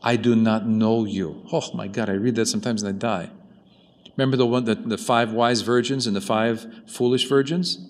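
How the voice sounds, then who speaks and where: Animated male priest in a reverberant church. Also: medium pitch, fairly quick. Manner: animated, swings from soft to loud. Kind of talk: sermon.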